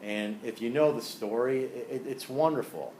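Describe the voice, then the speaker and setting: A man's voice: mid-range voice, moderate pace, a little mellow, slight background noise. A man giving a classroom lecture in a conversational way, often checking in with tag questions and asides. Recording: echoey room, faint ambience.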